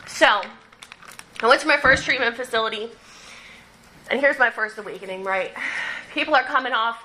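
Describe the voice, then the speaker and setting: A woman's voice: high voice, animated, brisk, pushed and bright, slight background noise, rough recording. A young woman sharing her recovery story at a meeting, candid and conversational, often laughing as she talks. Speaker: recovery speaker. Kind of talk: personal testimony at a recovery meeting. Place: meeting room.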